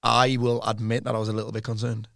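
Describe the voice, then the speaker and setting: A man's voice: mid-range voice, little pitch movement, fast talker, vocal fry, fairly bright tone, no echo, studio quality. A man mentoring a business client in a casual interview, blunt, swearing freely and laughing often.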